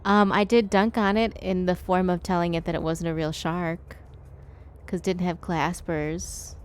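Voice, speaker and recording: A woman's voice: fairly low pitch, flat delivery, normal speed, clean tone. A woman streaming herself playing a video game, chatting playfully with her viewers and talking back at the game. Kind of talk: casual gameplay streaming.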